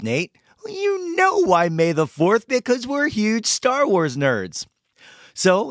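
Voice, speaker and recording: A man hosting a podcast with a hoarse voice after losing it singing, talking in a playful, hyped-up way. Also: fairly high pitch, fairly bright tone, no echo, clean studio sound. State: hoarse, lost his voice. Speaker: podcast host. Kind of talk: casual podcast chat and ad reads.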